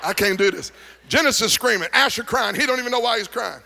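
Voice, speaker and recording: A male pastor delivering a sermon to a congregation, moving from folksy storytelling to fervent shouted preaching. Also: high voice, fast, creaky, a little hiss or hum. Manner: animated preaching that builds to shouting. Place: church service before a congregation.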